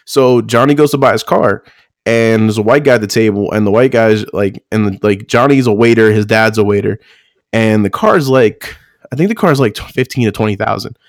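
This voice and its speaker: A man's voice: on the low side, normal speed, no echo, clean studio sound. A man on a podcast telling stories in casual chat, swearing and laughing often. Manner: loose, profane, laughs often, acts out quotes.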